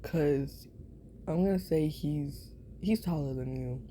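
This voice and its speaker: A woman's voice: sits low, slow pace, mellow, slight background noise. A woman telling a story in a whispered role-play, rambling and giggly, with many fillers and asides. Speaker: ASMR storyteller.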